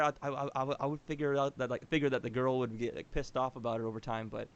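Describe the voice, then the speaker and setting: A man's voice: mid-range voice, flat delivery, fast talker, smooth, dull audio. A young man hosting a podcast, chatting in a laid-back, slangy way with short reactions. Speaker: podcast host. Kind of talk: casual chat.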